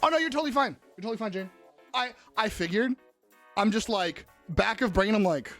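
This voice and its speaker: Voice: mid-range voice, very animated, moderate pace, long pauses, fairly bright tone, soft background music. A livestreamer chatting casually with viewers, rambling, giggling often and swearing freely.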